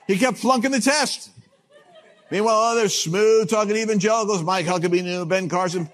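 A man preaching a sermon, telling stories with jokes and swinging between loud bursts and hushed asides. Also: high-pitched, moderate pace, some chatter behind. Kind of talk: sermon with storytelling.

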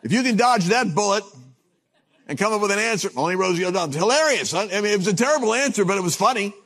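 A man preaching a sermon, telling stories with jokes and swinging between loud bursts and hushed asides. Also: high-pitched, animated, quick pace. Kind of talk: sermon with storytelling.

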